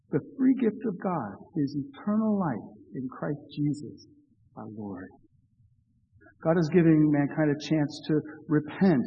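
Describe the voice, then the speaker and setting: A male pastor delivers an earnest sermon and breaks in with humorous asides, often restarting his sentences. His voice sits high. The long reverb of a large church hall trails behind each phrase. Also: mellow.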